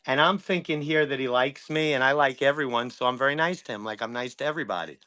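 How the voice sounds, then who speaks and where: A man's voice: medium pitch, fast, bright, forceful tone. A man in his fifties, a streamer as a guest, talking in an agitated, profane way and repeating himself. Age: 50s. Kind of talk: heated conversation.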